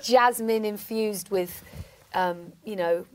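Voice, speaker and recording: A woman's voice: mid-range voice, slow, noisy background. A woman guest on a podcast panel, chatting hesitantly and rambling with fillers. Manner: hesitant, rambling, self-conscious. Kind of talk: casual chat.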